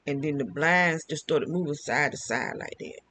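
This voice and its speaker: A man's voice: on the high side, moderate pace, sharp tone, slight background noise, rough recording. An older man talking alone to camera, rambling and often repeating and restarting his phrases. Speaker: vlogger. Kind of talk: casual monologue.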